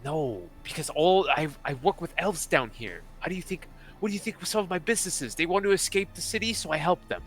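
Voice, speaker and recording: A man's voice: fairly high pitch, expressive, a little fast, hardly any pauses, fairly bright tone, soft background music, pitched above the performer's own voice. A man voicing a finely dressed male goblin lord with a pirate look, who is sly and scheming and keeps repeating his words. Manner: wheedling, repeats words, brusque insults.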